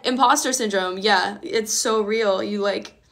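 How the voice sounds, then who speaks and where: A woman's voice: mid-range voice, unhurried, gravelly, a bit bright. A woman musician talking casually on a livestream while crying, emotional and rambling with lots of fillers.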